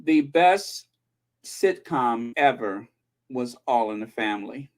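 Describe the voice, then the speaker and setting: Lively, slow-talking chatty vlog host. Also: medium pitch. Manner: chatty and opinionated, sings snatches of old TV theme songs. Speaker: channel host. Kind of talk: casual chat.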